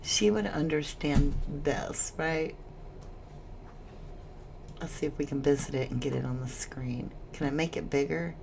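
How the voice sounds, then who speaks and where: A woman's voice: sits low, unhurried, creaky, long pauses, a little mellow, slight background noise. A woman hosting a casual livestream chat, emotional as she reads viewer comments aloud. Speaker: livestream host.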